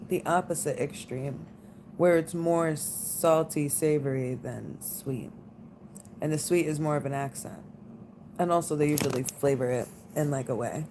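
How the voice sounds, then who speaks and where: A woman's voice: low-pitched, slight background noise. A woman, chatting casually and rambling with viewers on a late-night live stream. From United States. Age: 20s. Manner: rambling, relaxed, lots of "like" fillers. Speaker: livestream host.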